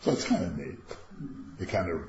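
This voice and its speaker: Low-voiced older man leading Bible study. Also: moderate pace, roomy sound. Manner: conversational, animated when quoting God. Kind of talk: informal Bible study teaching. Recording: dull lo-fi recording with faint noise.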